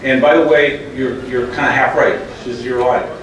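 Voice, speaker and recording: A man's voice: medium pitch, little pitch movement, normal speed, fairly bright tone, dull audio. Emphatic man speaking in an echoey hall. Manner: emphatic, argumentative. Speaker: public speaker. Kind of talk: talk to a live audience. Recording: echoey hall, mic far off, faint noise.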